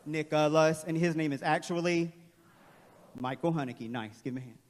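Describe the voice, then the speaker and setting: A man leading a playful, energetic, interactive staff training workshop in a large auditorium. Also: fairly high pitch, moderate pace, slight background noise. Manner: playful, energetic, calls on the crowd. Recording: long hall reverb.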